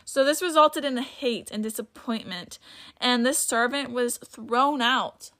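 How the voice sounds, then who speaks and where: A woman with a higher, slightly bright voice hosts a casual Bible teaching podcast at a measured pace. She's chatty and loose, says "like" a lot, stutters now and then, and sometimes loses her place and starts over.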